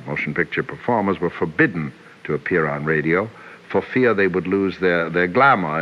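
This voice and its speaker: An older male actor reminiscing in an interview, rambling and hesitant with many pauses. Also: sits low. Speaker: actor guest. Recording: dull radio recording with faint hiss.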